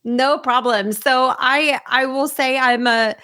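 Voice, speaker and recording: American woman gushing as a podcast guest, kinda high voice. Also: fairly even intonation, takes it slowly, sharp tone. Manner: enthusiastic, effusive. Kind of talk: podcast interview.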